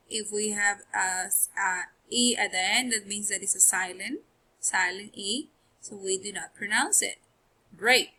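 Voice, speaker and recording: A woman's voice: mid-range voice, pushed and bright, husky. A woman teaching first grade phonics. She explains rules patiently, checks in with "okay?", switches between English and Spanish, and drills each word by repeating it three times.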